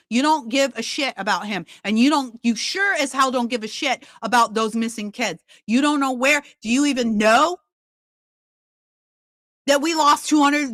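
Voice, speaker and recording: A woman in her fifties hosts her podcast with impassioned, confrontational commentary. Her voice is bright and sharp, a bit high for a woman. It is recorded dry on a close mic. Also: no room sound. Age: 50s. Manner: impassioned, confrontational, shifts into loud outbursts. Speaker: podcast host.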